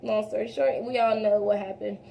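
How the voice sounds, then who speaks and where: This is a young beauty vlogger's relaxed makeup tutorial chat, where she speaks directly to "y'all" and keeps restarting sentences after trailing off. Her warm, creaky, medium-pitched voice is fairly quick, with a fairly even intonation. A faint hiss or hum sits under the recording.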